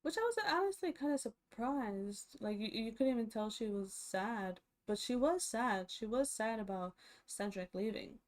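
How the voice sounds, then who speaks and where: A woman's voice: fairly high pitch, lively intonation, moderate pace. A young woman casually recapping a reality TV episode, chatty and full of fillers and restarts.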